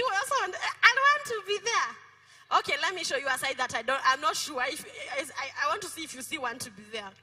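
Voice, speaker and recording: A middle-aged woman pastor with a Kenyan accent, preaching a lively sermon in a church, playful and quizzing her congregation. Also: high voice, slightly rough. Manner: playful, code-switching, asks the congregation questions. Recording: music behind the preaching.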